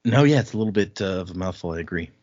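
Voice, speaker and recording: A man co-hosting a casual book podcast, recapping the plot in a chatty way and acting out quick bits of dialogue. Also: deep voice, lively intonation, darkish tone, dry recording, dull audio. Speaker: podcast co-host.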